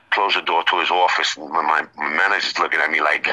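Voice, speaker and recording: A man in his thirties telling stories in a casual, animated way. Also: rumbling low, fast talker, poor audio. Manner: animated storyteller. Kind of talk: casual storytelling.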